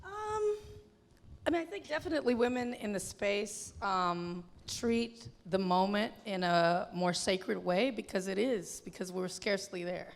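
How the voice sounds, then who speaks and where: A woman filmmaker talking in an animated, chatty way with lots of fillers, in an onstage conversation at a film festival. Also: mid-range voice, measured pace, gravelly. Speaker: filmmaker guest. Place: film festival venue with an audience. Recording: long hall reverb.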